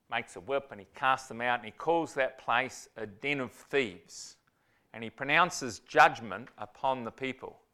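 Smooth-voiced man preaching with dramatic bursts. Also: medium pitch. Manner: animated storytelling, acts out quotes with sudden loud bursts. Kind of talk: sermon.

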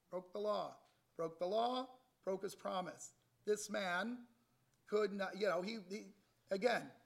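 High-voiced man preaching a sermon. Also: vocal fry. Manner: conversational preaching, animated scripture reading. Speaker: lay preacher. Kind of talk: bible teaching sermon.

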